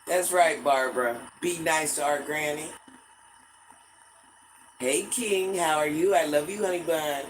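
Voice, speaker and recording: A woman's voice: deep voice, measured pace, pauses often, a little hiss or hum, poor audio. An older woman hosting a casual livestream from home, chatting with viewers and greeting them with pet names. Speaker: livestream host.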